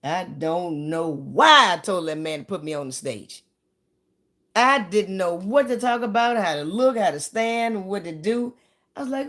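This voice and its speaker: A woman comedian telling stories in a chatty, rambling way, now and then breaking into sudden shouts and sung bits. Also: fairly low pitch, expressive, slow pace, pauses often. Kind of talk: casual stand-up storytelling.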